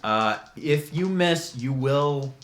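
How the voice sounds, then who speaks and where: A man's voice: mid-range voice, lively intonation, slow, fairly bright tone. A man narrating as game master of a tabletop game, laid-back and chuckling as he goes. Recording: echoey room, faint noise.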